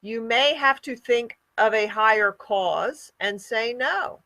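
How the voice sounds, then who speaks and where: A woman leads an online group call at a deliberate, unhurried pace. Her voice is bright and high, and she sounds close and dry, with no room around it. She talks earnestly, as if laying out points one by one. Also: no room sound. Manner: slow, earnest, lecturing. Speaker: host of an online hangout. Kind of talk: casual group chat.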